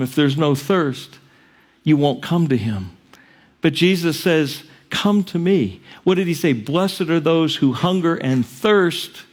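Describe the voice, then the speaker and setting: Speaking plainly and with conviction, this pastor raises his slightly high voice to loud cries on the scripture he quotes.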